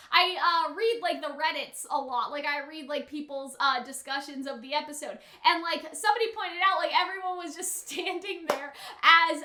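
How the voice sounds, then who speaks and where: A young woman talking through an anime episode in casual commentary, chatty and full of fillers, often slipping into quick character impressions. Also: high voice, pushed and bright, reverberant. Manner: chatty, filler-heavy, quotes characters in put-on voices. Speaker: anime reaction YouTuber.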